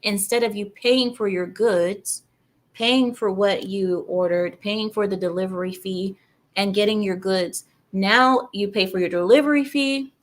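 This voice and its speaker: A woman's voice: mid-range voice, a little slow. Ranting woman host talking to viewers. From outside America. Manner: animated, ranting, asides to viewers. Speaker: channel host. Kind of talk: casual opinion commentary to viewers.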